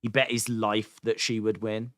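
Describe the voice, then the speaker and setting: A man's voice: lowish voice, little pitch movement, moderate pace, fairly bright tone, no echo, studio quality. A man co-hosting a wrestling podcast, chatting in a rambling, self-deprecating way. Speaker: podcast co-host. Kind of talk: casual podcast chat.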